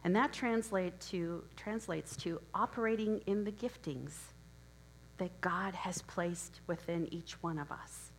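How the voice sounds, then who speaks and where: A middle-aged woman preaching a sermon in a church, hoarse and losing her voice, earnest and encouraging, often clearing her throat. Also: on the low side, unhurried, slight background noise, rough recording. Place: church sanctuary.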